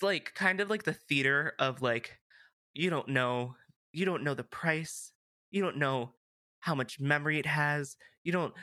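A man's voice: medium pitch, pushed and bright, dry recording, studio quality. A young man hosting a video game podcast in a rambling, casual chat full of fillers. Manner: chatty, rambling, filler-heavy. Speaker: podcast host.

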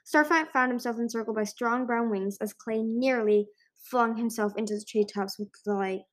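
Woman reading a dragon storybook aloud, bit high voice, trips over words and restarts. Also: moderate pace. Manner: reads with frequent slips and restarts. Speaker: audiobook reader. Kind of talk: amateur audiobook narration.

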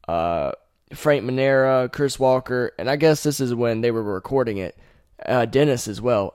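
Young male host, casual game retelling, profane and animated, mid pitch. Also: clean tone, no echo, clean studio sound. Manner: animated, profane, laughing asides. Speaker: podcast host.

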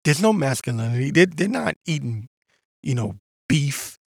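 A man's voice: mid-range voice, very animated, normal speed, vocal fry, a little mellow, dry recording, studio quality. A man hosting a podcast, talking in a ranting, combative way and mocking others in put-on voices. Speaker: podcast host. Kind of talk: casual monologue.

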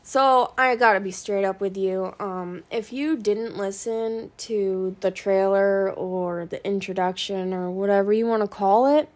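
A young woman hosting her own podcast in a casual, rambling way, frank and swearing, with many ums and pauses. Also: medium pitch, fairly even intonation, a little mellow. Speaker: podcast host.

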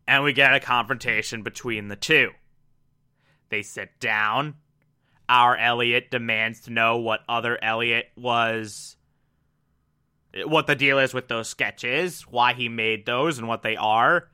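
Bright, crisp-voiced man recapping casually. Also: mid-range voice, steady tone, slow. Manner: loose, conversational with frequent "like" fillers. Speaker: TV episode recapper.

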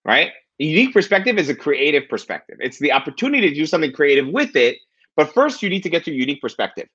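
A husky, bright-voiced man in his thirties chats as a podcast guest, talking fast with lively swings in pitch. He keeps tagging "right?" onto his points, and the audio sounds a bit dull and lo-fi. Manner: animated, fast, repeats "right?". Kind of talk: casual chat.

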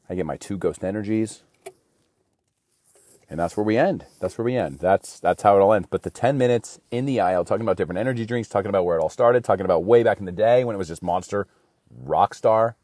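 A man's voice: lowish voice, lively intonation, fairly quick, warm tone, no room sound. A man talking in a rambling, slangy casual monologue in a studio, saying bro a lot.

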